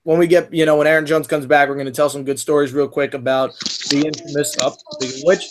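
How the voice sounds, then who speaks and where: A young man hosting a casual podcast, rambling and filling pauses as he reads questions and tells stories. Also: on the high side, little pitch movement. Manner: rambling, many fillers and restarts. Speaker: podcast host.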